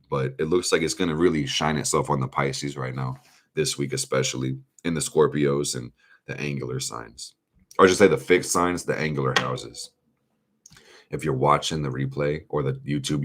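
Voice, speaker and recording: A man with a very deep, low voice runs a casual live-stream tarot reading. He talks with hyped energy, swears freely and speaks straight to his viewers in slang. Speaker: astrology and tarot reader.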